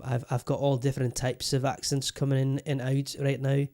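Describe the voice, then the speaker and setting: A man's voice: mid-range voice, completely flat delivery, normal speed, hardly any pauses, darkish tone. A man hosting a podcast in loose casual chat, rambling with frequent swearing and restarts. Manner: rambling, profane and self-interrupting. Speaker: podcast host.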